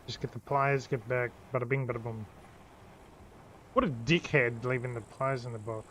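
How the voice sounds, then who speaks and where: Brief: male streamer, excitable, swears a lot, faint hiss behind. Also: mid-range voice, moderate pace. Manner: swears freely, talks to himself, excitable. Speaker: game streamer. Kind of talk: live gameplay commentary. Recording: faint background noise.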